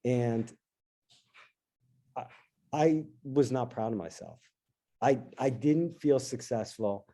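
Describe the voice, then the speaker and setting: A middle-aged man, a guest in an interview, telling a personal story in an animated, casual way and acting out his own past lines. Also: medium pitch, slow pace. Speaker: interview guest, dentist and investor.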